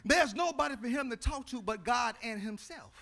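A male pastor preaching a sermon in a singing cadence, swinging between shouted, sung lines and low, quiet asides. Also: expressive, moderate pace, vocal fry, soft background music.

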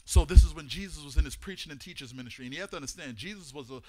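A man preaching a sermon, building to shouts in a chanting cadence, with casual slang. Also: fairly high pitch, rapid-fire.

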